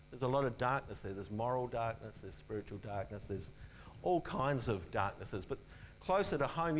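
A man preaching with earnest emphasis, often repeating his key phrases and sinking into a soft, low voice to land them. His pitch sits in an ordinary middle range. A faint hum runs beneath the recording. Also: low-quality recording. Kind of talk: sermon.

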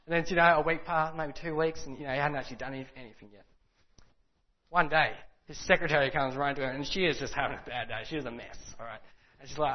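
A man's voice: medium pitch, fast talker. A man preaching in a casual, conversational way, telling a story and acting out the people in it, with many fillers. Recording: dull lo-fi sound.

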